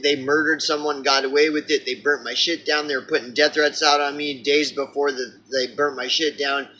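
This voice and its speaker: A man's voice: on the high side, bright, forceful tone, rough recording. A man with an Oklahoma accent ranting in a rambling, profane vlog, full of fillers and restarts. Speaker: vlogger. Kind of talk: rambling personal rant.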